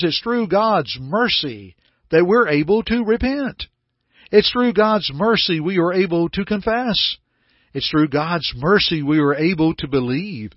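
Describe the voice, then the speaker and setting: Husky earnest male radio preacher. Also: sits high, no room sound. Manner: earnest, emphatic repetition. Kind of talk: radio sermon. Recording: dull, lo-fi radio broadcast sound.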